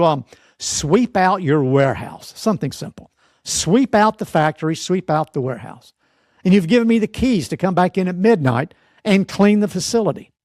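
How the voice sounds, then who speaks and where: A man preaching a teaching sermon, exhorting his listeners with emphatic rhetorical questions and deliberate dramatic pauses. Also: high-pitched, a little mellow, no room sound, studio quality.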